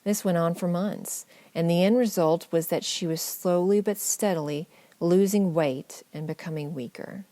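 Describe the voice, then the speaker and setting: A woman narrating a family memoir audiobook in a measured, gently wry storytelling manner. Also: on the low side, fairly even intonation, dry recording.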